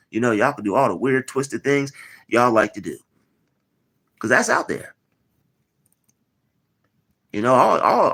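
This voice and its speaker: A man with a fairly low, bright voice and a forceful tone hosts a live stream. His talk is casual and mocking as he answers chat messages with lots of repetition.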